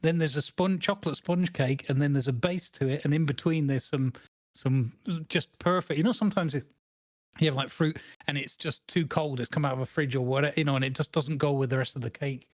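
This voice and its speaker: A man's voice: fairly high pitch, a little fast, no room sound, studio quality. Chatty man telling a story. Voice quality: rambling, animated storytelling with many restarts. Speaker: podcast co-host. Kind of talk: casual chat.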